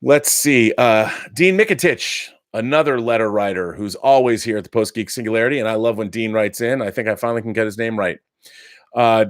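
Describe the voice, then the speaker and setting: A man's voice: lowish voice, fairly quick, dry recording, studio quality. A middle-aged man hosting a casual live stream, chatty and enthusiastic, restarting sentences often. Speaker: live show host reading viewer letters.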